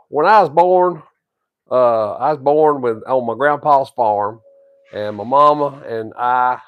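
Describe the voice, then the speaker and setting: A man's voice: mid-range voice, dry recording, phone-quality sound. A man in his sixties with a drawl, telling a rambling tall tale and chatting casually as co-host. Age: 60s. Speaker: co-host, grandfather. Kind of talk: folksy storytelling and casual wrestling chat.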